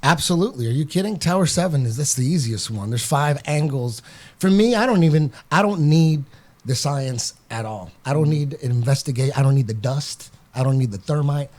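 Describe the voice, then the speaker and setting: Male podcast host, blunt and animated, ordinary mid-range voice. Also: mid-range voice, a little fast. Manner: blunt, animated storytelling with repeated phrases. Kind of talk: casual podcast chat.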